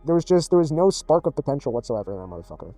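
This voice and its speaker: A man's voice: on the high side, big pitch swings, very fast, mellow, no room sound, soft background music. A man telling a rambling personal story in blunt, profane, casual speech as a gaming video creator.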